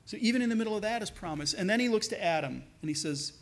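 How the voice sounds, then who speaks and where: High-voiced pastor preaching conversationally. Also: male voice, animated, fast, hardly any pauses, a bit bright. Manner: conversational, acts out quoted voices with lowered pitch. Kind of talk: sermon.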